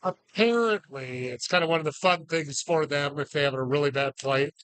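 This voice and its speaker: A man hosts bingo night live at a bar, his fairly high, bright voice moving at a moderate pace. He calls the numbers and jokes around with the crowd, sarcastic, loose, and profane.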